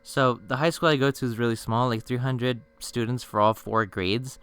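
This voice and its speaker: A young man telling funny stories on his channel in a slangy, swearing casual style, with bursts of mock-outraged yelling. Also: mid-range voice, clear, resonant tone. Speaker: storytime youtuber. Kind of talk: casual storytime narration.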